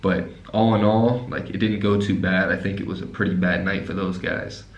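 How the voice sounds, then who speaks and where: A man's voice: low voice, steady tone, moderate pace, lo-fi sound. A young man telling a casual storytime as a travel vlogger, rambling and full of fillers. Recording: roomy echo.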